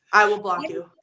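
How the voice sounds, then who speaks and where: A woman on a live ghost hunt streaming from a phone on a selfie stick inside an old house, speaking softly and coaxingly to the spirits. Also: mid-range voice, echoey room, heavy background noise.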